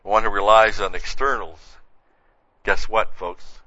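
A man's voice: lowish voice, fairly even intonation, a little slow, bright, forceful tone, no room sound. A man preaching a verse-by-verse sermon in a conversational way, often saying "see" and "you know.". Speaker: pastor. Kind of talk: sermon, verse-by-verse Bible teaching. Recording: dull, muffled lo-fi sound.

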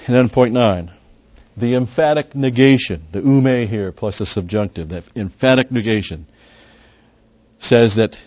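Unhurried and a little mellow, a medium-pitched man moves through a Bible passage verse by verse. He talks conversationally, often going off on asides and restarting, while stressing key words hard. It's a dull lo-fi recording.

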